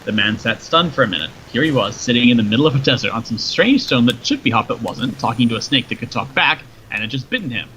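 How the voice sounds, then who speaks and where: Bright-voiced man narrating a story. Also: medium pitch, fast, hardly any pauses. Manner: steady, descriptive storytelling. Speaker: story reader. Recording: dull lo-fi with faint noise.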